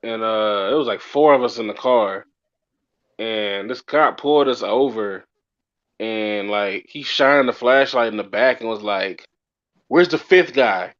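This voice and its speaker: A man as a guest in a casual late-night chat, telling stories in slangy, animated talk. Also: fairly low pitch, measured pace, dull audio.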